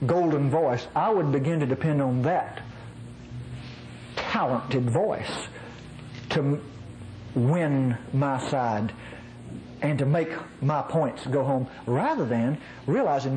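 Animated folksy nasal preacher man. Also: mid-range voice, slow pace, long pauses, a little hiss or hum, low-quality recording. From North Mississippi. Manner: folksy, chuckling asides, animated emphasis. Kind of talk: conversational sermon.

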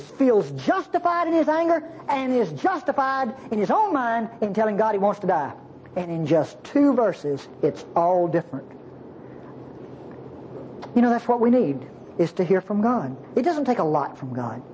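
A woman's voice: fairly high pitch, normal speed. Lady preaching, voice jumps up and down a lot, kinda muffled recording with a little hiss. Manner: animated, conversational preaching with rhetorical questions. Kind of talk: sermon.

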